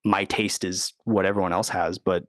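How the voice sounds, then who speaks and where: A man's voice: low voice, little pitch movement, normal speed, fairly bright tone, dry recording, studio quality. A man talking casually as a podcast guest, rambling with lots of fillers and quoting others. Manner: rambling, full of "like" and "you know", acts out quotes. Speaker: recording engineer and producer, guest. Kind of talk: casual interview talk.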